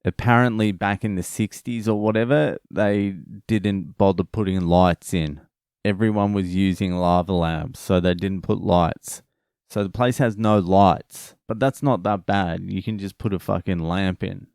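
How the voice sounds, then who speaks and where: A man's voice: sits low, steady tone, measured pace, a little mellow, clean tone, dry recording, studio quality. A man vlogging in a casual storytelling way, swearing freely as he retells conversations.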